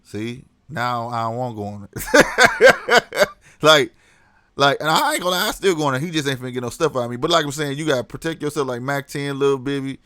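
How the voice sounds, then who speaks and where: A man's voice: mid-range voice, quick pace, no room sound, studio quality. A man hosting a casual livestream, talking animatedly to his chat, laughing often. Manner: animated, laughs a lot, reads chat aloud. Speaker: livestream host.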